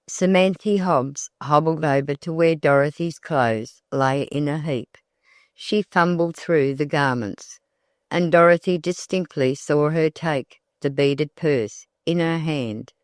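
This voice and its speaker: An audiobook narrator reads a classic novel in a measured, deliberate voice. The pace is unhurried and steady. The recording is close and dry, with no room around it. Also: medium pitch, no room sound.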